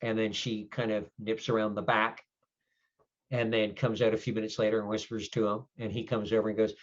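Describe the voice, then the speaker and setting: A man narrating a tabletop game as storyteller, relaxed and descriptive, with many fillers. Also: on the low side, a little fast. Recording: dull lo-fi stream audio.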